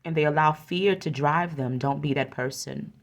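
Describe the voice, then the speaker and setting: A woman with a notably deep, low-pitched voice talks through an oracle card reading into a close microphone. She is earnest and encouraging, and she often circles back to repeat her phrases. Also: moderate pace. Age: adult with a young son.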